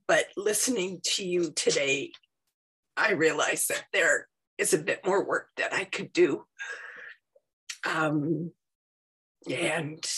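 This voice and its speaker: A tearful woman sharing heartfelt, halting thanks on a video call. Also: deep voice, fairly bright tone, slightly rough. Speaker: meeting participant.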